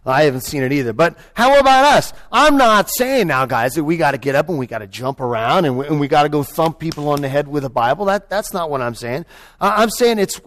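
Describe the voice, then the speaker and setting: Conversational preacher with a fairly high voice. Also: male voice, expressive, brisk. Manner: conversational preaching, swings from loud cheering to quiet reflection; many restarts and "you know"s. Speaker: pastor. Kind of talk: sermon.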